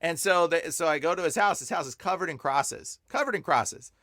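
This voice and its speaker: A man, a podcast guest, telling stories in a rambling, animated way, full of fillers and laughing as he talks. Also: fairly high pitch, a little fast, no room sound, clean studio sound. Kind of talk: casual storytelling.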